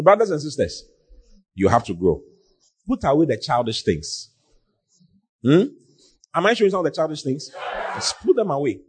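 A man preaching a sermon as pastor, often mimicking his congregants in an animated way. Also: on the high side, husky.

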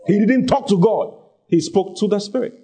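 A man's voice: high-pitched, moderate pace, warm tone, husky. A man preaching a sermon, emphatic and repeating his key phrases as he exhorts the congregation.

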